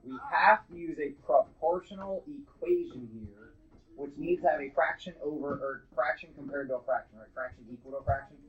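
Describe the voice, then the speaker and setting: A middle school math teacher with a fairly high voice talks a little fast while teaching a live class. He's casual and blunt, joking with his students, in a dull lo-fi classroom recording.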